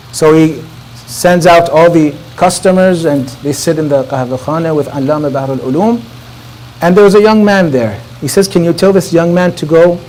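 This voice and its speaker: A man at a mourning gathering in a mosque, telling a sermon story and acting out the dialogue, his voice rising and then dropping to a hush. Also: high-pitched, poor audio. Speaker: speaker at a mourning majlis. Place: mosque hall.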